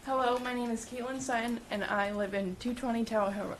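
A woman's voice: on the high side, fairly even intonation, fairly quick, a little hiss or hum. A teenage girl speaking at a school committee meeting, nervous and emotional, apologizing as she goes. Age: teens. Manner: emotional and nervous, apologizing, laughing through tears. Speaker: student speaker at public comment. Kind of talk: public comment at a school meeting.

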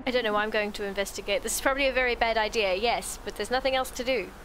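A woman's voice: on the high side, very fast, fairly bright tone, a little hiss or hum. A woman playing a game and commenting casually, with wry, chatty asides. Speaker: let's play gamer.

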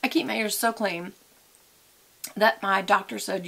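A woman's voice: medium pitch, steady tone, unhurried, gravelly, pushed and bright. A middle-aged woman with a drawl talks through her makeup routine in a loose, rambling way. She chats to her viewers like friends and drifts from topic to topic without any script. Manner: chatty, rambling, talks while applying makeup and eating. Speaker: beauty and lifestyle vlogger. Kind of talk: casual makeup and chat vlog.

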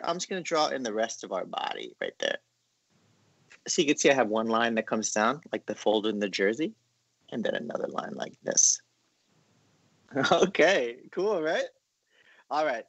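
A man leads a relaxed drawing class, talking viewers through each stroke in a chatty, encouraging way. His pitch moves a lot as he talks, and the recording is close and dry with no room sound. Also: dry recording. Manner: chatty, encouraging, filler-heavy explaining. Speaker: art class host. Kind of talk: casual drawing lesson.

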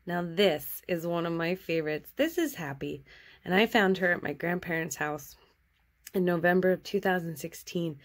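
Cheerful chatty woman with a lowish voice. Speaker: artist showing her sketches. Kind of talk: casual show-and-tell narration.

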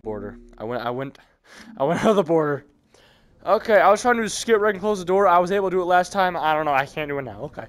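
A young man giving joking, excitable commentary while playing a game, trash-talking the characters. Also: sits high, fast. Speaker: gaming youtuber. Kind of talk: casual gaming commentary.

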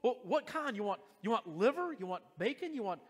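A chatty, easily impressed butcher, as a preacher puts him on, his quick questions pitched high and bright. The voice carries a long church reverb around it. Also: big pitch swings, breathy edge, full character voice. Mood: playful.

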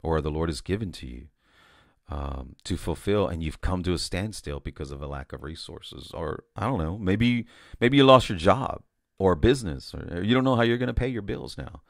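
This deep, gravelly male voice is expressive and moves at a moderate pace as he preaches casually about a vision he had. He keeps repeating himself, starting over and dropping in "you know." The dry recording has studio quality.

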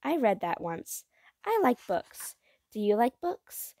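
A woman reading aloud voices a curious, bookish young girl, speaking softly and coaxingly in a raised voice. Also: big pitch swings, slow, no room sound, clean studio sound, exaggerated voice. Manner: soft, coaxing, higher voice.

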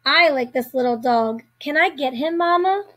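A proud, excitable little girl chirps her lines, as a woman reading aloud puts her on. The voice sits high and eager, in a children's storybook reading. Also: normal speed.

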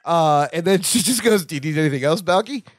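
High, lively man chatting on a podcast. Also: no echo, clean studio sound. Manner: animated, chiming in with quick reactions. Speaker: podcast co-host. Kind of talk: casual recap chat.

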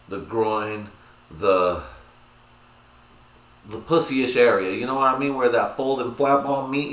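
A man hosting his own podcast, talking in a crude, rambling, excitable way with lots of filler. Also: mid-range voice. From United States. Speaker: podcast host. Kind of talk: casual solo podcast rant. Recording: echoey room.

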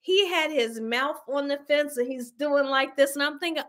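A woman telling a story to her viewers on a casual livestream, animated and exclamatory, calling them y'all. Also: sits high, normal speed, hardly any pauses. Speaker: cooking channel host.

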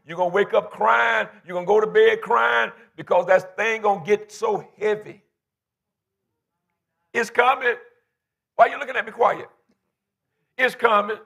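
A pastor in his fifties, high-pitched and creaky with a fairly bright tone, preaches a fervent sermon in church. His phrasing is colloquial and folksy, and he calls on the congregation to respond.

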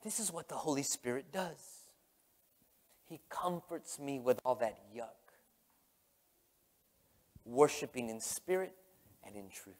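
A man preaching as pastor, impassioned and emotional, with a Texan accent, his voice dropping to a hush and then rising. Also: a little high, lively intonation, a little slow, long pauses. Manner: impassioned, swinging from hushed to loud. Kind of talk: emotional sermon. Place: large church sanctuary. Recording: long hall reverb.

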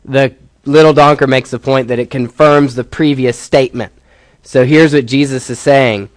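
A man's voice: medium pitch, fairly even intonation, normal speed, no room sound. A male professor giving a classroom lecture, explaining step by step and putting questions to his students.

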